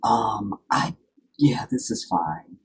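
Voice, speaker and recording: A man's voice: lowish voice, lively intonation, takes it slowly, a little hiss or hum, poor audio. A man hosting a live stream, telling a personal story to his viewers in a rambling, heartfelt way, full of fillers. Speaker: live-streaming channel host.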